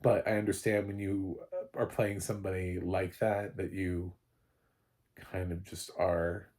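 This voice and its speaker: A man's voice: sits low, level tone, measured pace, a little mellow. A man giving a casual spoken movie review, rambling, restarting sentences and chuckling often. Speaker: film reviewer.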